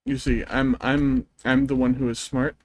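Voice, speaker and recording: A man's voice: medium pitch, level tone, normal speed, a little mellow, no room sound, rough recording. A man streaming a game, chatting casually in a rambling, joking, self-deprecating way. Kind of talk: casual gameplay stream chat.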